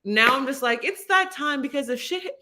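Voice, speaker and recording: Woman livestream host, casual chat, giggly and rambling, bright and tense tone. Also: high voice, expressive, normal speed.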